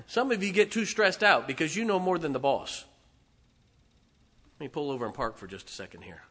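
A man preaching a sermon in a church, emphatic, swinging between loud outbursts and hushed asides. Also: mid-range voice, long reverb tail.

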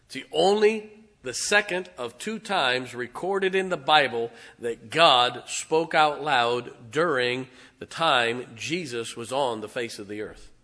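A male pastor preaching a sermon, telling stories with emphatic, excitable delivery and calling out to his congregation. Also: mid-range voice, slow pace. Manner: emphatic storytelling with audience call-outs.

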